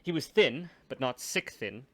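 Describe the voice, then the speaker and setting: A man's voice: medium pitch, expressive, a little slow, pushed and bright. A man reading a first-person story aloud, with dry, wry asides.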